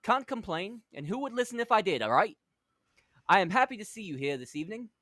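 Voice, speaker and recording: A grand, overly courteous older British gentleman who speaks of empire and glory, as a man puts him on. His put-on British accent sits higher than a plain speaking voice. He is smoothly polite on top. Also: sing-song, quick pace, dry recording, studio quality, heavily acted. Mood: grandly polite. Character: pompous older British wrestling boss, falsely polite.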